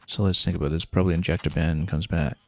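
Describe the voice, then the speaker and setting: A man's voice: low voice, steady tone, fast talker, darkish tone. A man streaming a video game, thinking aloud and planning his next moves with casual fillers. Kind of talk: casual gameplay commentary.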